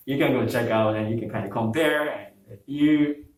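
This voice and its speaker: Brief: young adult man, modest host, hesitant phrasing, mic distant in an echoey room. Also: medium pitch. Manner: modest, slightly halting phrasing. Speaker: host, pianist. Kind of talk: casual chat.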